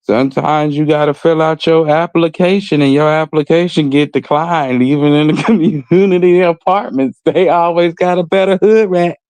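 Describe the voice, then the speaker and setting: A man's voice: on the high side, normal speed, few pauses, darkish tone, clear, resonant tone, no room sound. A man co-hosting a casual gossip stream, blunt and joking, reading viewer comments and talking in street slang. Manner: reads viewer comments aloud. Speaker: podcast co-host.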